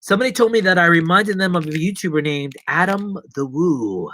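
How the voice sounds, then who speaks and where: A livestream host chats from his seat at home, rambling, playful and full of jokes for his viewers. He talks fast with few pauses, and his fairly high voice is expressive and fairly bright.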